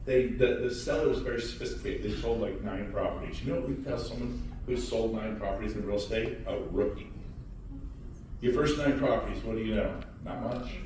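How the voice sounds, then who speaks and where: Male motivational speaker, loud and punchy, working a crowd; very echoey hall, distant mic. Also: fairly quick, background noise. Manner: high-energy, shouting and teasing the crowd. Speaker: real estate speaker addressing an audience. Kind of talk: motivational talk to a live audience. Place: large hall with audience.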